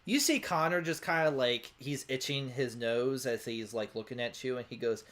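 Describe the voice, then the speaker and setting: A man's voice: medium pitch, normal speed, few pauses, fairly bright tone. A man narrating a tabletop role-playing game as game master, in a casual, rambling way full of fillers.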